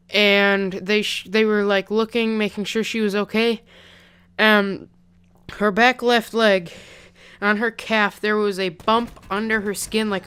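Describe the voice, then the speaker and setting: Smooth-voiced young man telling a story. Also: high voice, pushed and bright. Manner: rambling, chatty, heavy on "like". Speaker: vlogger. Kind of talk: casual storytime vlog. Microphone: pop-filtered desk mic.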